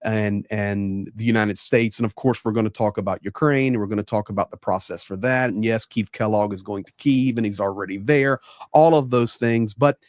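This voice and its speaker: A man's voice: lowish voice, normal speed, a little mellow, no echo, clean studio sound. A man hosting a casual political commentary livestream, emphatic and given to repeating phrases. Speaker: livestream host.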